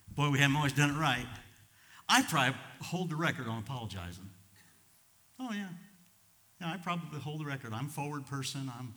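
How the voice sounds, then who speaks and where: An older man preaching a sermon, telling personal stories in a folksy, impulsive way that swings from soft to loud. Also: mid-range voice, lively intonation, brisk, in a large hall. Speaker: pastor.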